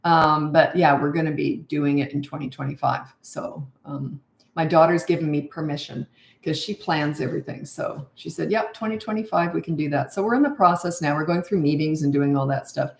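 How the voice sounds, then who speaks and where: An older woman hosts a casual livestream, chatting loosely and greeting viewers as their comments come in. Her voice sits a little low for a woman, and the room around her adds a clear echo. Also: normal speed. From Canada. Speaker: parenting coach hosting a livestream.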